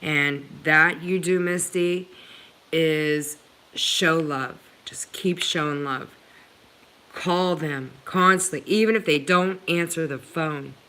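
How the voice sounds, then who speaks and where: A woman's voice: fairly low pitch, slow, pushed and bright, smooth, low-quality recording. A woman hosting a live stream, answering viewers' comments in an earnest, pleading way and talking straight to them. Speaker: livestream host answering viewers.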